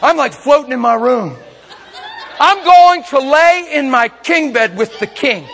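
A man preaching a sermon as a traveling minister, telling stories in an animated way, often laughing and breaking into shouts. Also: extremely high pitch, measured pace, slight background noise. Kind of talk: sermon storytelling. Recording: long reverb of a large hall.

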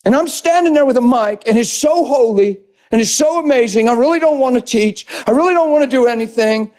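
Male pastor, high voice, animated sermon delivery with sudden shouts and hushed asides. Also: brisk. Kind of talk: sermon storytelling.

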